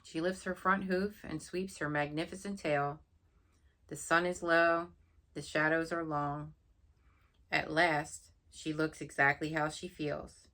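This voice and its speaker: A woman reading a picture book aloud at bedtime, gentle and pausing to point things out to the listener. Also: deep voice, little pitch movement. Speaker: storybook reader.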